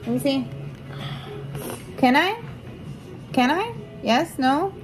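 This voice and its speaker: A young woman casually showing off puzzle toys at home, excited and teasing, constantly saying how cool things are. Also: high-pitched, takes it slowly, music in the background. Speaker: vlogger. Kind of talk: casual unboxing chat. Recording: noisy home recording.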